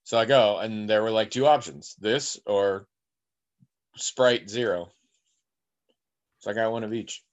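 A man's voice: fairly low pitch, measured pace, pauses often, muffled recording. A man co-hosting a podcast, chatting casually and wandering off on digressions as he tells stories. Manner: rambling, digressive storyteller. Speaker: podcast co-host.

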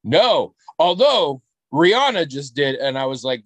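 A man co-hosting a podcast in casual chat, rambling and animated and swearing casually. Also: medium pitch, normal speed, no room sound. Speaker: podcast co-host.

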